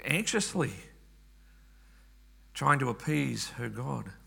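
A man's voice: mid-range voice, very animated, slow, vocal fry, pushed and bright, slightly rough. A man preaching a sermon earnestly, often repeating words and restarting phrases.

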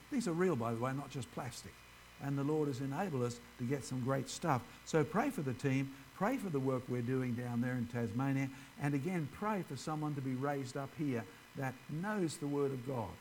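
A man's voice: mid-range voice, a little mellow, slight background noise, rough recording. A man giving an informal ministry presentation, chatting directly with his audience. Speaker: creationist ministry speaker.

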